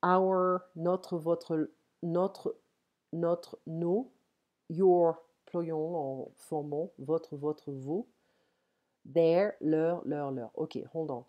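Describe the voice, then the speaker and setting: A woman with a French accent, her voice sitting low, gives a casual one-on-one French lesson from home over an online call, and her computer mic sounds lo-fi. She takes it slowly and step by step, alternating French and English and checking in with frequent "ok".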